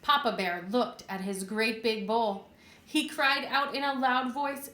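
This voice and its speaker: A preschool teacher, a woman, reading a story aloud and asking the children questions in a clear, expressive way. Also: medium pitch, a little slow. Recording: echoey room.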